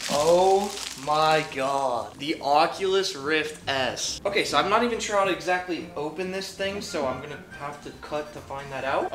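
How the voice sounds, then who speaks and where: A man giving excited, chatty commentary to his viewers while he plays a video game in a room at home. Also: a little high. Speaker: gaming YouTuber.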